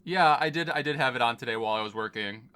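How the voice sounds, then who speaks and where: A man co-hosting a casual gaming podcast, talking in a relaxed, wry way. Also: medium pitch, fast talker, smooth. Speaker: podcast co-host.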